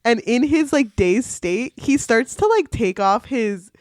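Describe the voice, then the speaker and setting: A young woman co-hosting a casual book podcast, excitable and swearing casually as she retells scenes. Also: on the high side, a little slow, dry recording, clean studio sound. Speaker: podcast co-host.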